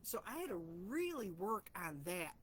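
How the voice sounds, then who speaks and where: A woman's voice: medium pitch, sing-song, normal speed. A woman hosting a personal reflection talk, speaking in a heartfelt, rambling, self-searching way. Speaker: host of a reflection channel.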